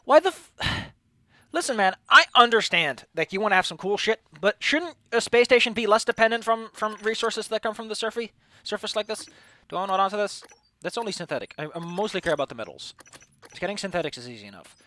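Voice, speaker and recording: A man's voice: sits high, expressive, quick pace, bright, forceful tone. A young man streaming a video game, rambling in sarcastic, casual commentary that is full of swearing. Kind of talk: casual let's-play commentary.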